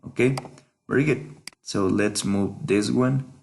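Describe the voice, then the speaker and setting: Slow, patient male teacher. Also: on the low side, creaky, darkish tone, a little hiss or hum. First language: Spanish. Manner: slow, patient, repeats each word for pronunciation. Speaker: English teacher. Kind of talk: workbook lesson walkthrough.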